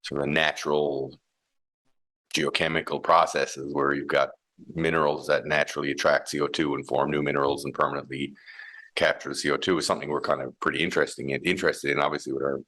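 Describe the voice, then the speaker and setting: A man's voice: a bass voice, level tone, fast, sharp tone. A man who heads a mining company, explaining his ideas in a thoughtful interview with many restarts and fillers. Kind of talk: conversational interview.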